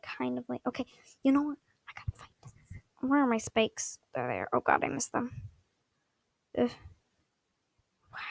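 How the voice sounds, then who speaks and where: Excitable high-voiced woman gamer, dry close mic at home. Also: vocal fry, no echo. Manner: excitable, shrieks and gasps, rambling. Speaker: gaming vlogger. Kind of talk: casual gameplay commentary. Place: at home at night. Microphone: microphone on a stand.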